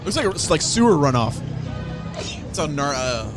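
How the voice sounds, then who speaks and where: A man's voice: on the high side, very animated, moderate pace, music in the background. A man co-hosting a podcast, making wry, teasing asides in casual chat, over a noisy background. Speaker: podcast co-host.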